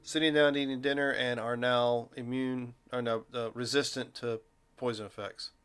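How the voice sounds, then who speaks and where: A man's voice: medium pitch, little pitch movement, moderate pace, fairly bright tone, smooth. A man running a tabletop game as game master, narrating casually with a joking manner.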